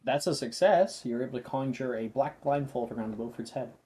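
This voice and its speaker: Easygoing game master with a dark, mellow voice, narrating spell results to the table. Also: mid-range voice, brisk. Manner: easygoing, laughs often, relaxed.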